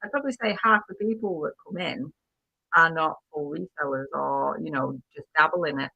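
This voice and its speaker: A man co-hosting a live chat show, reading out comments and bantering in a quick, chatty way. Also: a little high, creaky, sharp tone, dry recording. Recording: dry, slightly dull stream audio.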